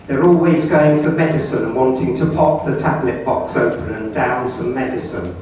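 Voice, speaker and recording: A man's voice: mid-range voice, moderate pace, darkish tone, a little hiss or hum. A man giving a talk to a club audience, earnest and lecturing, who asks the room questions and counts raised hands. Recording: echoey room, far from mic.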